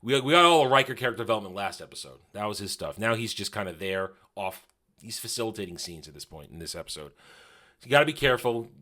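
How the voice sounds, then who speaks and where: A man's voice: lowish voice, sharp tone. A man giving a casual, rambling spoken review of a TV episode, often correcting himself and paraphrasing scenes.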